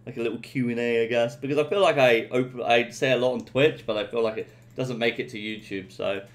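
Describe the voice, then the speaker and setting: A man's voice: medium pitch, quick pace. A young English man chatting casually with viewers while streaming a game. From England. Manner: relaxed, swearing, chatty with viewers. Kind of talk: casual live-stream chat.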